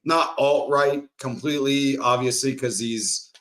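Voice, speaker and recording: A man's voice: mid-range voice, steady tone, unhurried, fairly bright tone. A man ranting profanely in a casual podcast chat. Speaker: podcast co-host.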